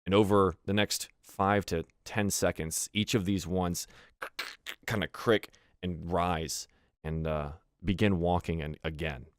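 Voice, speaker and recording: Man, game master, tabletop narration, casual, filler-heavy, deep, dry sound. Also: fairly even intonation, measured pace, clean tone, dry recording. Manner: casual, loose with many fillers.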